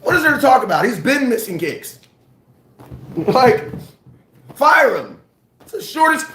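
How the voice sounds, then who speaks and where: A man ranting casually about football, slangy and animated, repeating his points. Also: extremely high pitch, measured pace, pauses often, reverberant. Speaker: sports commentator. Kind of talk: casual sports rant.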